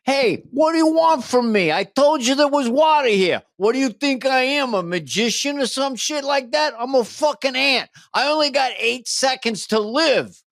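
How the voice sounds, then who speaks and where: Guy putting on a high whiny brooklyn ant, dumb soldier type, always complaining. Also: expressive, normal speed, creaky, hardly any pauses, fairly bright tone, no echo, studio quality, exaggerated voice. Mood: exasperated. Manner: griping, exasperated. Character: dim-witted male soldier ant, defensive. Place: podcast studio.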